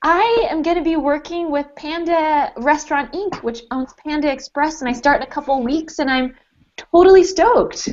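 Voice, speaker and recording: A woman's voice: high-pitched, normal speed, muffled recording, slight background noise. A woman appearing as a guest author on a live web show over a video call, upbeat and chatty, with frequent fillers. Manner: upbeat and bubbly, with fillers like "I mean" and "you know". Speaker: guest author and food blogger. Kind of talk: casual chat on a live-streamed video call.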